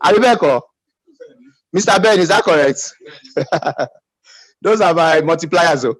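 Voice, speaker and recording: Nigerian English man, team leader, emphatic pep talk, high and animated, dry sound. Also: measured pace, slightly rough, dry recording, poor audio. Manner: emphatic, calls for audience responses.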